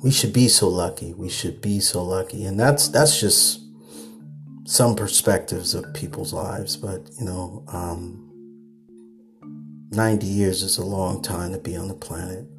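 A man's voice: sits low, steady tone, measured pace, soft background music. A man hosting a late-night podcast, ranting in a loose, repetitive way and laughing at himself. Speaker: podcast host.

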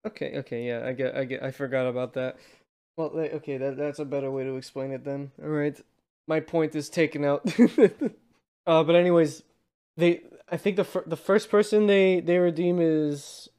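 A man chatting casually about a film, halting and repeating words as he restarts his sentences. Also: fairly high pitch, steady tone, warm tone, clean tone. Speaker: film discussion co-host. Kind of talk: casual chat.

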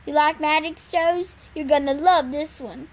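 A woman reading aloud and voicing a mocking, cruel male trucker in a storybook scene, speaking loudly and tauntingly. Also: very high-pitched, expressive, takes it slowly, voice pushed up, exaggerated voice.

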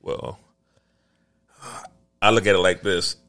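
A young adult man co-hosting a podcast in casual chat, a profane, animated storyteller. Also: low voice, slow. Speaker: podcast co-host.

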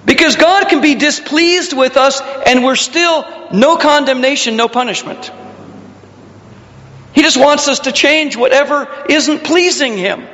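A man's voice: very high-pitched, measured pace, bright, forceful tone, in a large hall, muffled recording. A male pastor preaching a conversational sermon, asking the congregation questions and telling stories.

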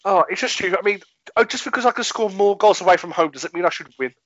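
A man's voice: high voice, fast talker, fairly bright tone, no room sound, muffled recording. A man hosting a casual football podcast, blunt and swearing, laughing often. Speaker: podcast host.

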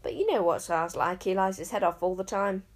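A woman's voice: mid-range voice, fairly quick, lightly acted. Sulky, jealous wizard boy, read by a woman in a storybook. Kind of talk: audiobook character voice.

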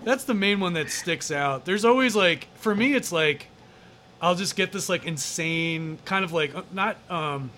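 A man's voice: high-pitched, animated, a little slow, pushed and bright, a little hiss or hum. A man as an interview guest, telling a story casually in a rambling way, with many fillers and some swearing.

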